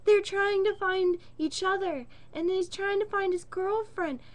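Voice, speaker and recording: A woman quoting her calm, patient friend, who explains things reasonably. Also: extremely high pitch, a little slow, voice pushed up. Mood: reasonable.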